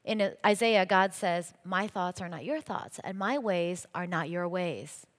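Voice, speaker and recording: A woman's voice: lowish voice, unhurried. A woman speaking as a guest at a church event, telling her faith stories earnestly and acting out the voices of the people in them. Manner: earnest storytelling, acting out quoted dialogue. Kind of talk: faith testimony talk. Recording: long hall reverb.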